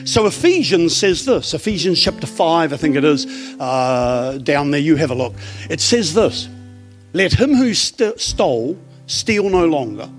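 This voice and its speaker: A middle-aged man with an Australian accent preaching in church, conversational and animated, full of rhetorical questions. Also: on the high side, a little slow, faint music behind. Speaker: pastor. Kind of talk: sermon.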